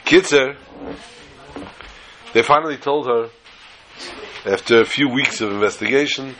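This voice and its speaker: A man's voice: mid-range voice, measured pace, pauses often, fairly bright tone, rough recording. A man with a mid-range voice tells a folk story in an easygoing, conversational way. He wanders into side remarks and peppers his telling with Yiddish expressions. A faint hiss sits under the recording. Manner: chatty and digressive, with asides. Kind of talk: folksy storytelling with Yiddish phrases.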